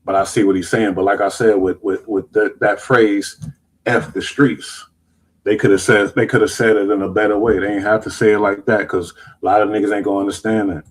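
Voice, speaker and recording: A man's voice: lowish voice, flat delivery, quick pace, poor audio. A man hosting a show, reacting to clips in loose slang and rambling, casual commentary. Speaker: show host.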